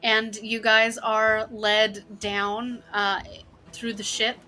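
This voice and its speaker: Woman game master, bright tone, rambling, filler-heavy, casual narration. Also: on the high side, level tone, slow pace, soft background music.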